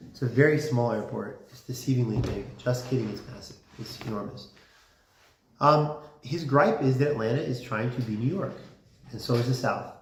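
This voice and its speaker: A man's voice: mid-range voice, normal speed, slight background noise. A man giving a casual classroom lecture, talking conversationally with many fillers and restarts. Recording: roomy classroom sound.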